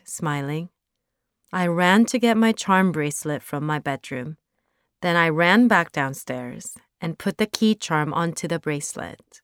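Slow, smooth-voiced woman reading a story. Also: lowish voice, no room sound, clean studio sound. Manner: slow, plain reading with brightened quoted lines. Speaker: narrator.

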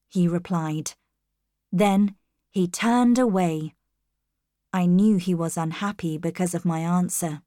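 A woman narrating a storybook in the first person, reading clearly and carefully. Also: on the low side, slow, pauses often, warm tone, no room sound, studio quality. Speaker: audiobook narrator.

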